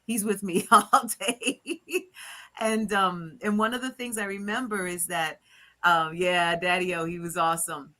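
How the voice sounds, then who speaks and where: A woman from Rico, a teacher chatting as a guest, animated and laughing often as she acts out quotes. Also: on the low side, measured pace. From Puerto Rico. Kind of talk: casual chat.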